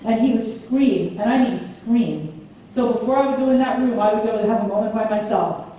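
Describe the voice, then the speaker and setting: A woman giving a public lecture, telling lively stories and acting out the voices she quotes. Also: a little high, moderate pace. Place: large community hall. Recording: echoey hall from far off, faint hum.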